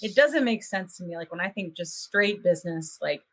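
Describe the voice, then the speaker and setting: A woman's voice: fairly low pitch, lively intonation, moderate pace. A woman hosting a podcast, talking casually in long, earnest, hopeful run-on thoughts. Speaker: podcast host.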